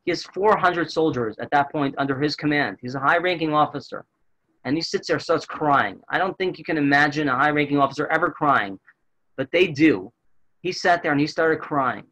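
A man's voice: on the high side, moderate pace, pushed and bright, rough recording. A man giving a virtual tour as a guide, telling a story earnestly and often repeating words as he goes.

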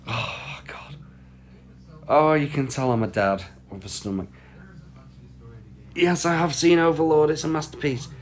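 A man's voice: a little high, unhurried, long pauses, background noise. A British man on a casual live stream from home, rambling and chatting with viewers over a phone mic. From United Kingdom. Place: at home, lying down.

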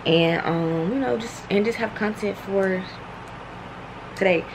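A woman's voice: mid-range voice, measured pace, background noise. A young woman, rambling casually about her day at home as she talks straight to her viewers. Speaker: vlogger. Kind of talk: casual day-in-my-life vlog.

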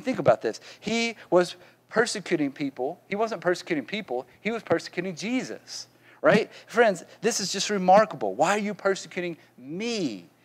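Male pastor, sermon delivery, a bit high-pitched, restarts and repeats, keeps asking "right?".

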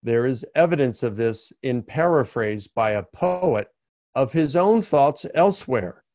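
A man giving an academic lecture in a webinar, explaining slowly and deliberately and stressing key words with sharp rises. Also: medium pitch, expressive, dry recording, studio quality.

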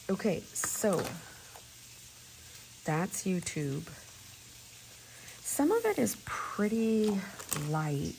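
A woman chats slowly to her camera at home, laughing as she rambles. Her voice sits a touch low and has a gravelly edge. A steady noise runs under the recording. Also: low-quality recording. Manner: chatty, rambling, laughs often. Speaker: vlogger. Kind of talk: casual chat while crafting.

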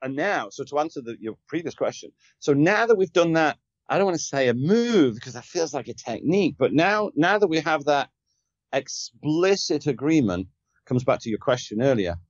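A man's voice: a little high, expressive, moderate pace, no room sound, dull audio. A man who is a sales trainer and podcast guest, talking in an emphatic, coaching way and often firing off rhetorical questions. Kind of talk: conversational coaching.

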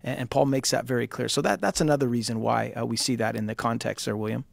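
Man, co-host pastor, gravelly, mid pitch, steady explanation, dry sound. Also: fast talker, no room sound. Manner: steady, explanatory, with frequent fillers and restarts. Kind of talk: explaining scripture on a call-in show.

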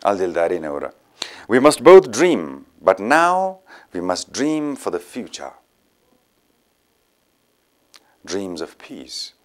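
A man reading a kindly Afghan-accented official, very deep. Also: a little slow. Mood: reassuring. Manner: calm and reassuring. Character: kindly, gently sad male official. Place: studio.

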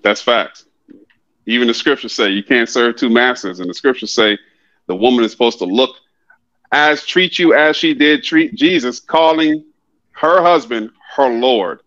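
A man's voice: mid-range voice, moderate pace, a bit bright, no echo, highs cut off. A man who is a guest on a podcast, talking in a blunt, preachy, profane, casual way. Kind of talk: casual chat.

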